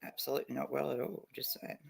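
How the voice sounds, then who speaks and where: A man's voice: medium pitch, little pitch movement, quick pace, creaky, breathy edge. A man chatting casually on a livestream, blunt and heavily profane, a little drunk and stoned. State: tipsy and stoned.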